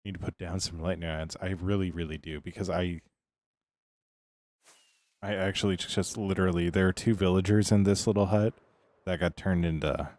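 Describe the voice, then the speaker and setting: A man's voice: low-pitched, steady tone, normal speed, long pauses, darkish tone, no echo. A man giving casual livestream commentary as a game streamer, rambling along and answering his chat between remarks.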